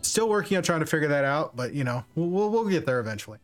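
A man hosting a livestream, chatting casually in a soft-spoken, self-effacing way. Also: on the high side, very animated, quick pace, faint music behind. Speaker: streamer host. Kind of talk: casual chat. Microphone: streaming setup.

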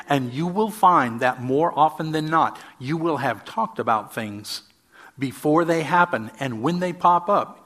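An older pastor preaches with a voice that sits a little high for a man and rings bright and forceful. He tells stories animatedly, rushing through some phrases and stretching out others for weight. He is a man in his sixties leading a sermon. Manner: animated storyteller, quick bursts and drawn-out emphasis. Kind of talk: sermon with personal storytelling.

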